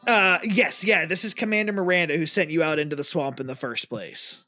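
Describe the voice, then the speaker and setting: A man's voice: a little high, a little fast, sharp tone, soft background music. A man narrating as dungeon master, rambling with many ums and restarts. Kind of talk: narrating a tabletop game.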